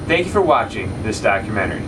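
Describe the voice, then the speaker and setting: A man's voice: lowish voice, very animated, fast talker. Man giving a mock documentary sign-off. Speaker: narrator. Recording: distant with clear noise.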